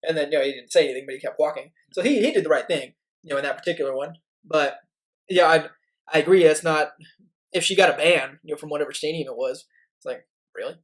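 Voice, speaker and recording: A man co-hosting a sports podcast, talking casually and haltingly with lots of "you know" asides. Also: fairly high pitch, poor audio. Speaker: podcast co-host.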